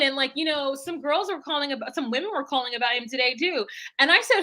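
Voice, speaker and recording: A young woman co-hosting a podcast, recapping a reality show in animated, blunt casual chat and acting out what people said. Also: high-pitched, fast, few pauses. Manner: animated, blunt and swearing, acts out quotes. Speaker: podcast co-host.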